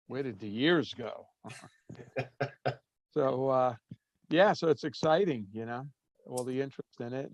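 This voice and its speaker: A man's voice: medium pitch, creaky, no echo. An easygoing man chatting as a guest, his talk loose and full of fillers. The sound is dry with little room behind it. It is also a bit muffled, as from a remote call. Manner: easygoing, rambling with many fillers. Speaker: drummer guest. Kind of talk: casual interview talk.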